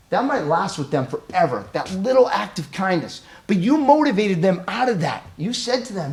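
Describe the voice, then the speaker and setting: Animated man giving a training talk. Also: a little high, fairly quick. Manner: animated, acts out scenarios in quoted voices; conversational, checks in with "right?". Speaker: crisis-intervention trainer. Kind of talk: training presentation.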